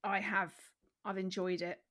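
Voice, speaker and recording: A woman's voice: medium pitch, level tone, measured pace, sharp tone. A woman co-hosting a comedy podcast, chatty and teasing. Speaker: podcast co-host. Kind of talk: casual comedy chat.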